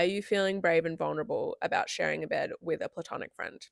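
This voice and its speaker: Young woman, video essay, chatty and candid, slightly low voice, vocal fry, dry close sound. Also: quick pace, no echo. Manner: chatty and candid, with frequent asides.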